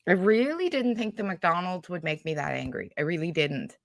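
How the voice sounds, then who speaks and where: A woman's voice: fairly low pitch, expressive, normal speed, gravelly, dry recording. A woman hosting live-stream commentary, blunt and profane, talking with angry, sweary frustration. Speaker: YouTube commentary host.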